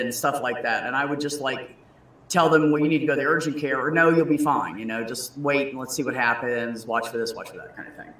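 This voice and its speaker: A man in casual chat, telling stories with lively quoted voices and frequent swearing. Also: mid-range voice, quick pace, recorded from a distance. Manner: animated storyteller, swears freely, acts out quoted voices. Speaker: guest. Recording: echoey room.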